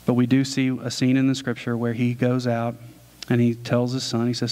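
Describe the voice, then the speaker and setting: A man's voice: medium pitch, completely flat delivery, moderate pace, mellow. A man preaching a sermon, retelling a story in a casual, conversational way. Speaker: pastor.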